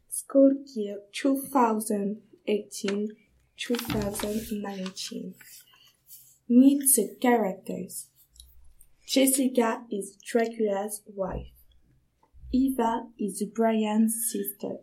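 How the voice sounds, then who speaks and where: A young schoolgirl reading the narration of a class play slowly and carefully. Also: fairly high pitch, dark tone, poor audio. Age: child.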